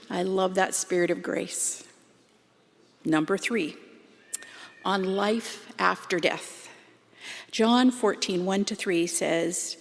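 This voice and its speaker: A woman's voice: medium pitch, gravelly. A middle-aged Canadian woman giving a sermon in a church, speaking in a chatty, self-deprecating way. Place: church sanctuary. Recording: long hall reverb.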